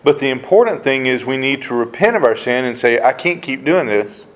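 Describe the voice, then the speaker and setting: A man's voice: mid-range voice, lively intonation, brisk, highs cut off. A man teaching a Bible study in a casual, conversational way, asking rhetorical questions and acting out quoted voices.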